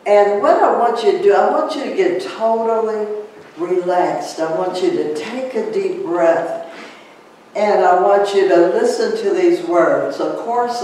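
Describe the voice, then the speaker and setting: A man leading a slow guided Lent meditation in a calm voice, repeating phrases and leaving long pauses. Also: high-pitched. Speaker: church leader guiding a Lent meditation. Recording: roomy, from a distance, with faint noise.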